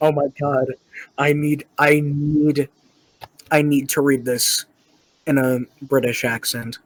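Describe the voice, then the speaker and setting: Casual young male podcaster, slow and giggly, dead-dry mic. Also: on the high side, flat delivery, no echo, rough recording. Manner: laughing, unhurried, reads out comments. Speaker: podcast host. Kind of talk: casual chat, reading comments aloud.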